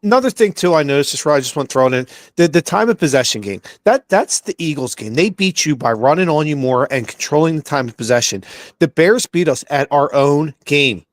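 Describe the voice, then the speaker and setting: A man's voice: a little high, animated, brisk, no room sound, studio quality. Fired-up profane man ranting about sports. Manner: profane, heated, repeats himself. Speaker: podcast co-host. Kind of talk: casual sports rant.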